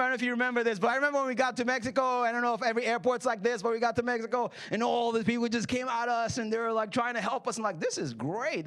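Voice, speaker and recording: A man's voice: very high voice, a bit bright. A man in his thirties preaching a sermon in church, joking with the congregation and acting out the people in his stories. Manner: playful, jokey preaching with acted-out quotes. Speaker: pastor. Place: church hall.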